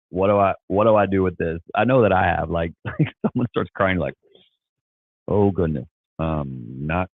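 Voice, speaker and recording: A man's voice: low-pitched, husky, no echo. A man hosting a casual livestream with a stuffy nose, rambling with restarts and bursts of enthusiasm. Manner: rambling, frequent restarts and fillers. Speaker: livestream host. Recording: tinny phone-like sound.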